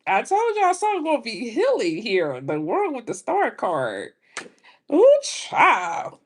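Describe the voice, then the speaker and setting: A middle-aged woman, reading tarot in casual, animated talk full of exclamations. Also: on the high side, breathy edge. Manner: animated, exclaiming, drawn-out reactions. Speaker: tarot reader.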